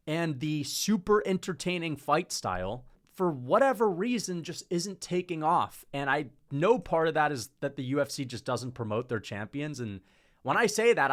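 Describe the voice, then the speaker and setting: A man giving casual, emphatic opinion commentary as a YouTube MMA commentator, with frequent "like" fillers. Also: medium pitch.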